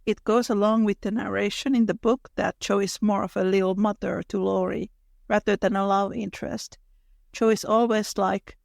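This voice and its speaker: A woman's voice: mid-range voice, little pitch movement, moderate pace, creaky, dry recording, clean studio sound. A woman co-hosting a podcast, thoughtfully adding details from the book in casual chat. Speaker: podcast co-host.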